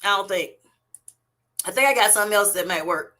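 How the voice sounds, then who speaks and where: A woman's voice: mid-range voice, brisk, bright, forceful tone. Laughing woman chatting with her livestream. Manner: laughs often, playful and teasing. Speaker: livestream host. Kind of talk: casual livestream chat reading comments. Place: at work. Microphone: phone.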